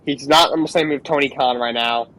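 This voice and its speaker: A man's voice: mid-range voice, fairly quick, a bit bright, rough recording. A man who is a guest on a casual sports podcast, asking questions and often stumbling over his words. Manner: questioning, hesitant, repeats words. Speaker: guest co-host.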